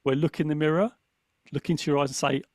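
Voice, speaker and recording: A man's voice: a little high, fairly even intonation, quick pace, darkish tone, no echo. A man co-hosting a podcast, talking earnestly and reflectively in casual chat, often checking in with "right?". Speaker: podcast co-host.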